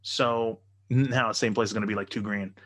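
A man's voice: on the low side, fairly even intonation, moderate pace, fairly bright tone. Crude, laughing storyteller man. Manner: profane, loose and laughing.

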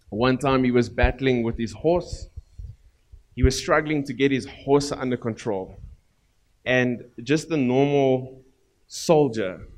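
Animated South African preacher man. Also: mid-range voice. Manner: animated preaching, loud emphatic rises and soft asides. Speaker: pastor. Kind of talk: sermon.

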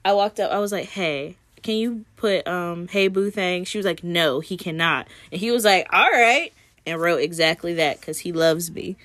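A woman's voice: lowish voice, normal speed, no room sound. A woman co-hosting a podcast, chatting casually and telling stories with lots of giggling. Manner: giggly, animated storyteller. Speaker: podcast co-host. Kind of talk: casual chat.

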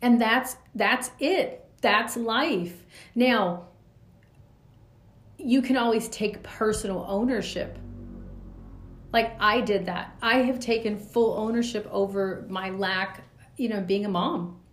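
A woman in her forties hosts a reflective podcast monologue, speaking slowly in a medium-pitched voice. She's earnest, with loose spoken asides, and the room sounds echoey.

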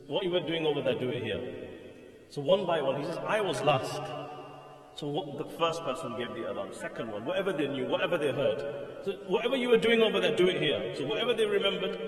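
A man, a mufti giving a storytelling lecture in a mosque, who chants the call to prayer melodically. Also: fairly high pitch. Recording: echoey hall, voice from far off.

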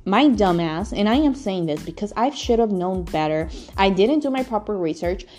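Young woman vlogger, casual storyteller, rambling and frank, mid pitch, faint music behind. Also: animated, moderate pace, a little mellow. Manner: rambling, candid, swears often.

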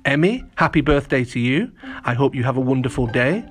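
A man reading a children's story aloud and chatting warmly to the boys and girls listening, with lots of animated emphasis. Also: medium pitch, fairly quick. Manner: lively, addressing children directly.

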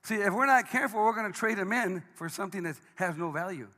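A pastor preaching to his congregation in a high, ringing voice that drops low and quiet, then climbs to shouts. His tone is bright and forceful, and the sound carries a long hall reverb from the church sanctuary. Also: expressive, fast. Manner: dynamic preaching, swings between hushed and shouted. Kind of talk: sermon.

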